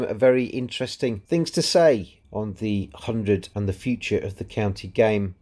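Low, mellow-voiced man hosting a podcast. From Yorkshire, England. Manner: opinionated, ranting. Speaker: podcast host. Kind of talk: solo podcast wrap-up monologue.

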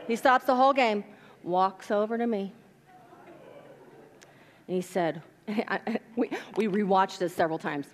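A woman pastor preaching a sermon in a church, telling stories and acting out quotes with animated delivery. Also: medium pitch, a little slow, long pauses. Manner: animated storytelling, acts out quotes. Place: church sanctuary. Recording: long reverb of a church hall.

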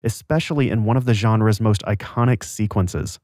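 A man hosting a podcast, giving scripted narration with a clear, even storytelling delivery. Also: fairly low pitch, moderate pace. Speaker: podcast host.

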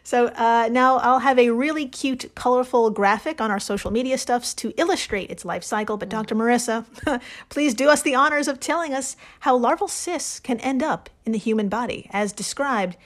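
A woman's voice: a little high, normal speed. Playful woman host telling a gross story. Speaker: podcast host. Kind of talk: casual chat, presenting facts.

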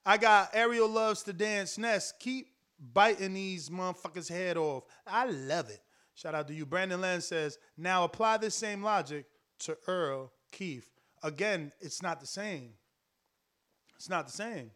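A male host of a live boxing stream, reading viewer comments aloud in a relaxed way. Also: high-pitched, measured pace.

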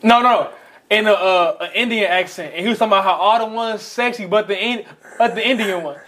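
A man's voice: high-pitched, a little fast. A young man in casual chat, telling stories with lots of laughter. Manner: animated storyteller, laughs often.

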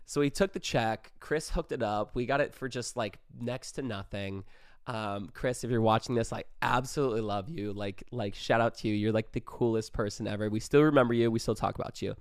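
A man's voice: mid-range voice, a little fast, clear, resonant tone, no room sound, clean studio sound. A man telling a wild party story in a casual vlog, rambling, swearing and filling with "like". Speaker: vlogger.

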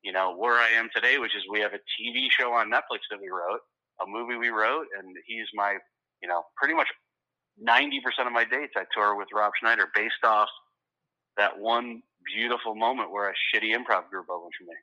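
A middle-aged man, a stand-up comedian, telling a story in loose, animated casual conversation, often repeating words as he gets excited. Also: fairly low pitch, brisk, dull audio.

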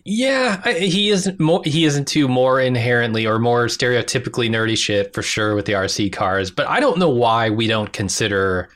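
A man chatting casually about a movie in an easygoing, measured way, with some swearing. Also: mid-range voice, lively intonation, a bit bright. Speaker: podcast co-host.

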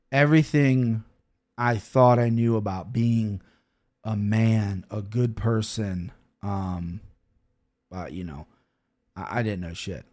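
A man in his thirties hosting a podcast in a casual, rambling monologue, swearing often and full of fillers and restarts, soft and emotional at times. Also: mid-range voice. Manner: soft and emotional when talking about his daughter. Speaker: podcast host.

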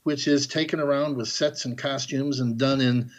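Casting: middle-aged composer guest, lively storyteller, mid-pitched male voice. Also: moderate pace, highs cut off. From Chicago area, US. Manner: animated storyteller, acts out quoted characters. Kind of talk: podcast interview, storytelling.

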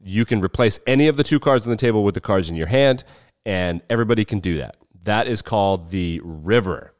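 A man's voice: fairly low pitch, lively intonation, brisk, no room sound, studio quality. A man co-hosting a podcast, casually explaining things step by step and swearing freely. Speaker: podcast co-host.

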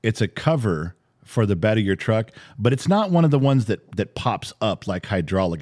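A middle-aged man co-hosting a podcast, telling a story in casual chat, animated and swearing freely. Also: lowish voice. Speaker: podcast co-host, father.

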